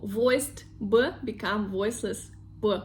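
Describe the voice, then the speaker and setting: A woman's voice: medium pitch, fairly even intonation, takes it slowly, darkish tone, slight background noise. A young woman with a Russian accent teaching pronunciation in a casual online lesson, patiently repeating example words.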